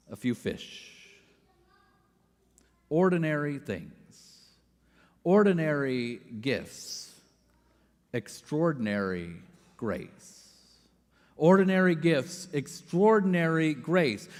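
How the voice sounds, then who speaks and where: A man with a fairly high voice preaches a sermon at an unhurried, measured pace. His delivery swings between loud, pressing phrases and soft, almost whispered lines. The sound carries a long church reverb. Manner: slow, dynamic preaching, swelling loud then dropping very soft. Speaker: pastor. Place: church sanctuary.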